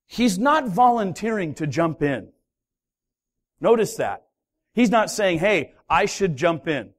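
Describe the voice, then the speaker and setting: A pastor preaching a sermon, telling a story with lively, acted-out voices of its characters. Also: male voice, high-pitched, measured pace. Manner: animated storytelling, acting out voices of the sailors. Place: church hall.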